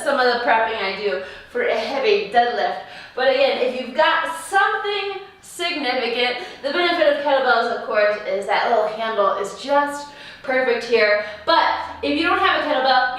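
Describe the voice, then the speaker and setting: A woman's voice: sits high, fairly bright tone, very echoey. A woman leading a home workout class, with bubbly, playful delivery that drifts into sing-song greetings. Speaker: fitness instructor. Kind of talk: live workout class instruction.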